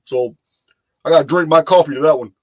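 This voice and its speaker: This live stream host from Texas keeps his casual chat loose and rambling, repeating himself often. He talks briskly in a voice on the high side. There's no echo on the recording.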